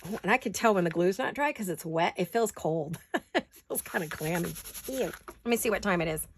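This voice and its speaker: A woman's voice: lowish voice, animated, fairly quick, slight background noise. A middle-aged woman chatting casually and rambling while she does a paper craft, now and then breaking into giggles. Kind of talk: casual craft-along chat.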